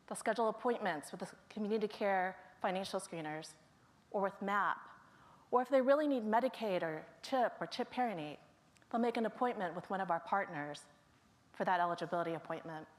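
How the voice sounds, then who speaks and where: A woman's voice: mid-range voice, brisk. Woman telling colleagues' stories to staff. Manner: storytelling, introducing colleagues one by one. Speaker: staff member presenting to colleagues. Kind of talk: staff meeting presentation.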